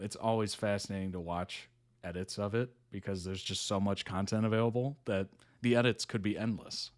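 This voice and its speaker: A man's voice: fairly low pitch, dry recording, studio quality. Easygoing man chatting through reactions. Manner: easygoing, chatty, laughs often; reads article text aloud plainly. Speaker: reaction channel host. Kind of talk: casual reaction commentary.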